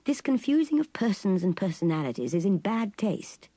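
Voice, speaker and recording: A woman voicing a proud, irritable paralysed aristocrat in a storybook reading, with a very husky voice. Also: mid-range voice, big pitch swings, moderate pace, dry recording. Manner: imperious, sharp when crossed.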